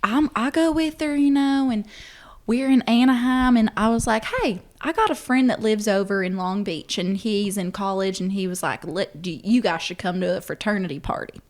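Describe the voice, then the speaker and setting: A young woman co-hosting a podcast, chatty and animated as she tells stories in casual conversation. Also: mid-range voice, normal speed. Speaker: podcast co-host. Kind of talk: casual chat.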